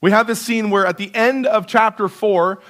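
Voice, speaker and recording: A pastor preaching a sermon in church, earnest and conversational, building emphasis through repetition. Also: male voice, sits high, fairly even intonation, moderate pace, fairly bright tone. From Canada. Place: church sanctuary.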